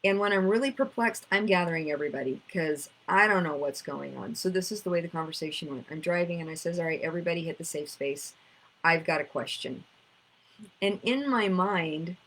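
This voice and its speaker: A woman's voice: lowish voice, fairly bright tone, poor audio. A woman, teaching about inner child work in a casual storytelling way, acting out conversations. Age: 50s.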